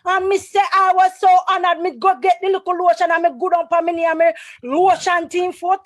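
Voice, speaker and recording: A Jamaican woman tells a lively story in patois over a video call. Her voice sits very high, and the sound is dry and close. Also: a little fast, dry recording. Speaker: guest.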